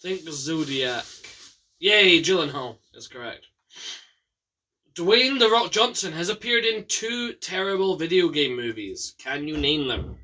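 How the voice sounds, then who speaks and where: A man's voice: fairly high pitch, lively intonation, sharp tone, distant mic, slight background noise. Chatty Scottish man hosting a quiz. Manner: chatty, swearing, quick asides. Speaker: quiz host. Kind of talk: casual quiz chat.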